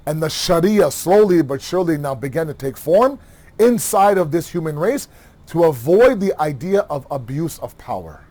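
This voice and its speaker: A man giving a religious lecture, animated, asking rhetorical questions and acting out everyday dialogue. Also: a little high, normal speed. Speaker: Muharram lecturer.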